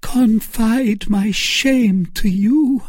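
A man's voice: high-pitched, takes it slowly, mellow, husky, no echo, clean studio sound, pitched above the performer's own voice, heavily acted. Milady, a pleading seductive prisoner, as a man reads her. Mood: grieving. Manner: tearful, imploring, theatrically devout. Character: seductive scheming woman prisoner, pleading and pious. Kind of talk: audiobook character voice.

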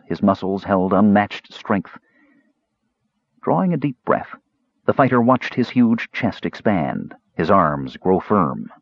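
A man narrating a fantasy audiobook in an expressive storytelling manner, in a dull, dry recording. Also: sits low, slightly rough, dry recording.

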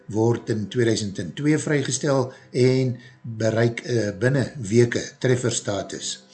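A man's voice: mid-range voice, a little mellow. A man with an Afrikaans accent presenting a music radio show in a casual, hesitant way, with many fillers between names and facts. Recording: internet radio broadcast.

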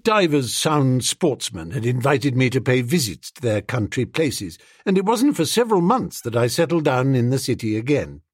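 Animated husky male storyteller. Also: medium pitch, moderate pace, hardly any pauses, no room sound, studio quality. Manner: animated, comic, playful. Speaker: audiobook narrator. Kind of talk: scripted narration.

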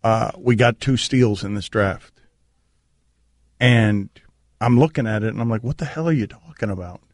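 A man hosting sports talk radio, riffing in an animated way on a studio mic. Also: fairly low pitch, moderate pace, dry recording.

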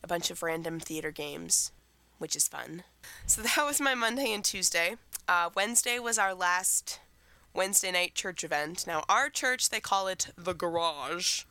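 A teenage girl co-hosts a podcast, rambling casually about her week while she recovers from a cold. Her voice is fairly low, animated and bright with a forceful edge, at a moderate pace. The recording has no echo.

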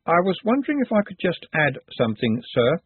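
A man's voice: fairly high pitch, sing-song, fairly quick, breathy edge, dry recording, voice pushed up. A man voicing a prim, precise male secretary who talks in a formal, literal, solemn way. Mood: earnest. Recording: dry, phone-like narrow sound.

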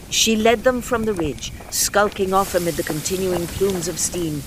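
High-voiced male narrator. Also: normal speed, hardly any pauses, slight background noise. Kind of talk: scripted narration.

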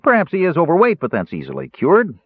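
A man voicing a smooth, persuasive human dealer who sells prisoners with salesman patter. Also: fairly high pitch, huge pitch swings, fast, no room sound, pitched above the performer's own voice, full character voice. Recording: narrow tinny phone-like audio.

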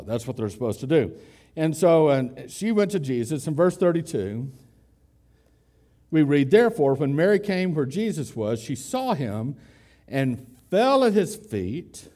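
A man preaching a conversational expository sermon, putting questions to his listeners and slowing down to stress key words. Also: medium pitch, dark tone. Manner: conversational, asks the congregation questions. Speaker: pastor.

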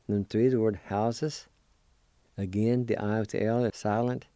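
A man hosting a language lesson, spelling words letter by letter and pronouncing them slowly and deliberately. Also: lowish voice, fairly even intonation, mellow, no echo. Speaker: host teaching Cherokee words.

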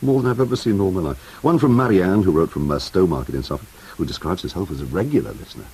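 A man's voice: low-pitched, lively intonation, fast talker, dark tone, husky, poor audio. A man hosting an early-morning radio show, chatting with whimsical, teasing asides between records. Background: music playing under the voice.

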